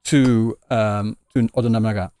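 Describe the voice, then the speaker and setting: A man's voice: lowish voice, fairly even intonation, normal speed, mellow, smooth, no room sound. A man streaming live and answering his chat casually, emphatic and blunt, stacking repeated phrases and swearing now and then.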